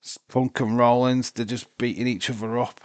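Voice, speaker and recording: A man's voice: medium pitch, flat delivery, normal speed, a little mellow, no echo. A sleepy, tired man commentating a live wrestling watch-along, rambling and talking to himself. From United Kingdom.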